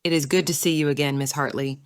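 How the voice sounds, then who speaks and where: A gracious young woman, polite and warm, quietly tactful, as a woman narrator reads her. The voice is low and smooth. The sound is close and dry. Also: fairly even intonation, quick pace, no room sound, close to an everyday voice. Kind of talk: audiobook character reading.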